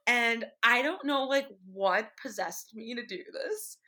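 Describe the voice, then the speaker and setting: A woman's voice: fairly high pitch, lively intonation, unhurried, pushed and bright. A woman in her twenties, an actress, telling a story in a chatty way and laughing as she talks. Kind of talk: casual storytelling.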